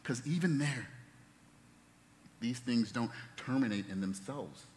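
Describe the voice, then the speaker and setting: A man in his thirties preaching a sermon as a pastor, telling stories and dropping to soft, hushed tones at tender moments. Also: mid-range voice, slow pace. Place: church sanctuary. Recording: long reverb of a church hall.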